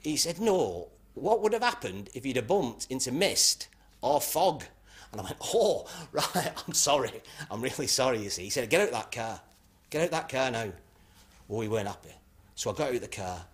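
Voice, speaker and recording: An actor playing a brash club comedian, telling rambling anecdotes that end in punchlines. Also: male voice, medium pitch, sing-song, a little fast, close to an everyday voice. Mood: cheeky. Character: brash northern male club comic. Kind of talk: stand-up routine.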